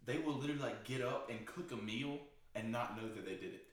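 A man's voice: mid-range voice, fast, recorded from a distance. A young man in casual chat with friends, teasing and asking the questions. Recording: echoey room, away from mic.

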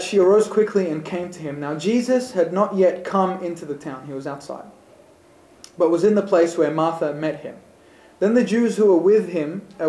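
A man reading scripture aloud and pausing to reflect on it in an earnest, heartfelt way. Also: fairly high pitch, dark tone, echoey room, rough recording. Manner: earnest, reflective, builds to emphatic moments. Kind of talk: scripture reading with sermon commentary.

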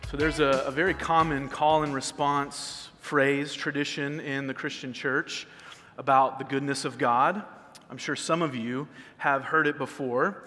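A man's voice: a little high, bright, forceful tone, in a large hall. A male pastor preaching a sermon in a conversational way, often repeating words as he restarts a phrase. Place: church sanctuary.

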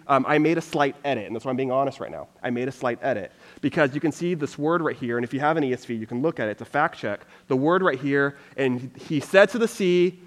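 A man giving a casual conversational sermon, energetic and loose, scattering "like" through his talk. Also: mid-range voice. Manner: energetic, loose, full of "like" fillers. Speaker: preacher. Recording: long reverb from a hall.

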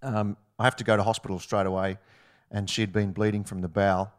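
A man's voice: fairly low pitch, level tone, quick pace. A middle-aged man from Australia, chatty, with many fillers and restarts, telling a storytelling testimony at a church meeting. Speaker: church member sharing a testimony.

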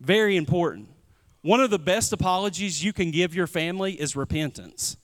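A man's voice: high-pitched, brisk. A man, a pastor preaching a conversational sermon and calling out to the congregation. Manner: conversational preaching with audience call-outs. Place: church sanctuary. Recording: long hall reverb.

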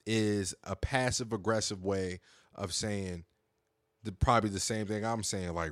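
A man's voice: on the low side, takes it slowly, fairly bright tone, no room sound, studio quality. A young man hosting a podcast solo, talking in a heated, profane, rambling way. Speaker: podcast host. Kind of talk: casual monologue podcast.

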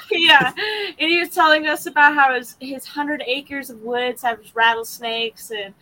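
A woman's voice: sits high, fairly even intonation, unhurried, bright, forceful tone, poor audio. A woman guest on a podcast, talking in casual chat and reacting expressively.

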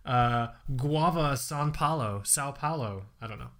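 A man's voice: medium pitch, measured pace, fairly bright tone. Casual male podcast co-host, young, profane and rambling, riffing for laughs. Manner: profane, joking, loose rambling delivery. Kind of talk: casual chat.

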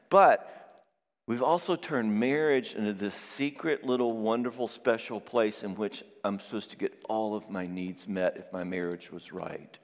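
A man giving a Christian marriage seminar. He talks in a conversational way, tags his points with "all right?" and tells lively personal stories. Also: on the low side. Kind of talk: live seminar talk to an audience. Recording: long reverb in a large hall.

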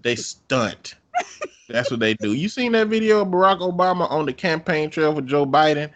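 A man's voice: fairly high pitch, animated, moderate pace, a bit bright, slight background noise. A man in a casual chat who jokes, swears freely and laughs often. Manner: profane, jokey, laughs often.

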